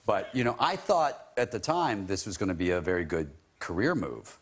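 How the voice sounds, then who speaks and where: A man's voice: fairly low pitch, sing-song, normal speed, husky. Self-mocking man telling a story. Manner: self-deprecating, laughs often. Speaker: guest. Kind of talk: chat show anecdote.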